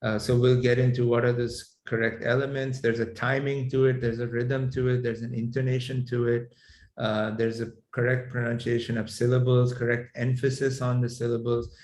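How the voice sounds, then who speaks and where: Guy teaching a mantra class, calm and explainy, lots of uh's, roomy echo. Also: medium pitch, a little hiss or hum. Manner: measured, explanatory, with many fillers and restarts. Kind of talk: lecturing to a class. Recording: echoey room sound.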